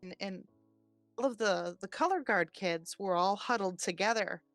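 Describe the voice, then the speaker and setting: A woman in her forties, a podcast host, telling a personal story in an animated, chatty way. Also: medium pitch, moderate pace, no room sound, clean studio sound, faint music behind. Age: 40s. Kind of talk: casual storytelling chat.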